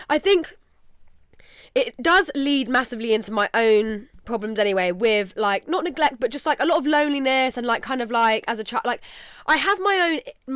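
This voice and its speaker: High-voiced English woman talking candidly. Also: fairly bright tone, clean tone, no echo. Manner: rambling, emotional, heavy use of "like". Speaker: podcast host. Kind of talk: candid casual podcast talk.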